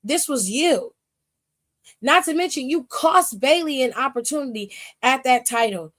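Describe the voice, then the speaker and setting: A woman with a high, bright-sitting voice talks through a wrestling recap on a stream. She is blunt and sassy, swears freely and fires heated asides at the people she discusses. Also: lively intonation, a little slow. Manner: blunt and profane, retells scenes by acting out both sides. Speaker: wrestling aftershow host. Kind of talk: casual recap commentary. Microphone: streaming setup.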